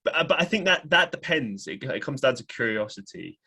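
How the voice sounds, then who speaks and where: A man's voice: mid-range voice, very animated, fairly quick, vocal fry, pushed and bright, breathy edge. A young man hosting a podcast, rambling and correcting himself often in casual talk. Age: young adult. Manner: rambling, frequent self-corrections and hedges. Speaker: podcast host. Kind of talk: casual chat.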